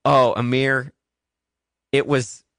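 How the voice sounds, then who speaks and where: A man's voice: mid-range voice, slow, creaky, dry recording, clean studio sound. A young man hosting a casual comedic radio show, telling stories and acting out the people in them. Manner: animated storyteller, acts out quotes.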